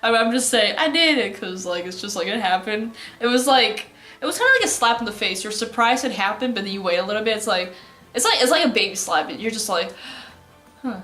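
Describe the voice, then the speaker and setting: A woman's voice: medium pitch, expressive, fast, sharp tone, echoey room, soft background music. A young woman casually recapping an anime plot, rambling and giggly, with lots of fillers. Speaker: anime vlogger.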